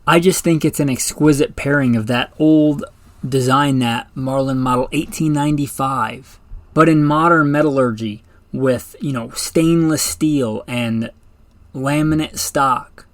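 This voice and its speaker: A man's voice: mid-range voice, measured pace, no room sound. A man hosting a firearms show, talking casually and enthusiastically, rambling a little and correcting himself. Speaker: firearms podcast host. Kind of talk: casual solo talk about rifles.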